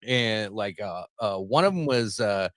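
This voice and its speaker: A podcast host with a lowish, slightly bright voice tells a long story, animated yet unhurried. He rambles casually, swears freely, and laughs at his own jokes. There's no room sound on the recording.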